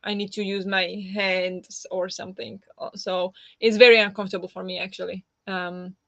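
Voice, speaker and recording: A woman chatting casually on a livestream, trailing into fillers and reacting to comments as she goes. Her voice sits at a middling pitch. The sound is dull and lo-fi, with no room echo at all. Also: little pitch movement, moderate pace, creaky, a bit bright. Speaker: livestream host.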